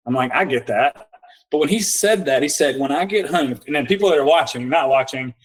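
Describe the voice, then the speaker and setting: A man with a slightly raised pitch talks as a coach on a podcast. He tells client stories in a casual, animated way, voicing both himself and the client. He slows into calm, guiding instructions when he walks the listener through an exercise. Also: rough recording. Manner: animated storyteller acting out both sides of conversations. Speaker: podcast guest, nervous system coach. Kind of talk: casual storytelling in a podcast interview.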